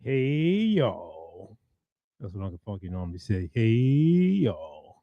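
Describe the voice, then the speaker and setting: A man's voice: low-pitched, normal speed, slightly rough, no room sound, narrow, tinny audio. A man hosting a blues and soul show, chatting casually and greeting listeners by name in a rambling way. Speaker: radio show host. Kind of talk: casual live-stream chat.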